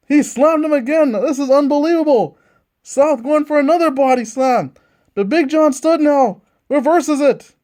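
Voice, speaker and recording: Man doing excited wrestling play-by-play. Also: extremely high pitch. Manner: excited ring announcer, calling moves as they happen. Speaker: host playing a tabletop wrestling game.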